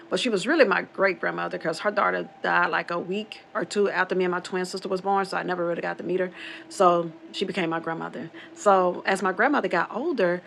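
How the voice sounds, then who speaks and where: Woman, casual storyteller; low register, gravelly fry; rambling, repeats lines, voices quoted dialogue. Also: a bit bright, a little hiss or hum. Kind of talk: casual spoken true story.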